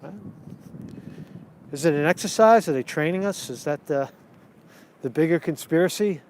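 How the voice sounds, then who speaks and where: Rambling high-voiced man on a street walk. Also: moderate pace, a little mellow. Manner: rambling, repeats himself, talks while walking. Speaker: vlogger. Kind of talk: walk-and-talk street vlog. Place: outdoors on empty city streets. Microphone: handheld camera while walking. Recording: faint street noise outdoors.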